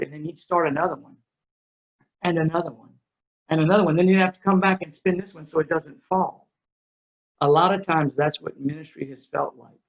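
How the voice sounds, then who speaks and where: Middle-aged guy doing a ministry workshop talk, fired up and jokey, kinda high voice, muffled lo-fi audio. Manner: energetic, joking storyteller. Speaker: ministry speaker. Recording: dull lo-fi recording.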